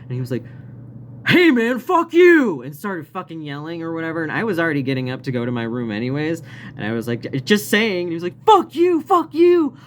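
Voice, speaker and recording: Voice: mid-range voice, expressive, rapid-fire, slight background noise. A vlogger telling a story in a casual, rambling rant, swearing often and laughing now and then. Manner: profane, rambling, frequent laughs.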